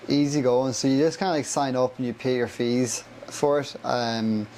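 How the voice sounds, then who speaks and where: A man's voice: mid-range voice, normal speed, slight background noise. A man in his twenties with an Irish accent, a podcast guest talking loosely and leaning on "like" as he goes. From Ireland. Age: 20s. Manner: relaxed, loose, heavy use of "like". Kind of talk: casual interview chat.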